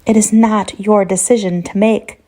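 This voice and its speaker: A woman's voice: medium pitch, steady tone, moderate pace, mellow, pitched above the performer's own voice, lightly acted. A woman voicing an eerie grinning female stalker who taunts in a childish, singsong, mocking way. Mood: taunting.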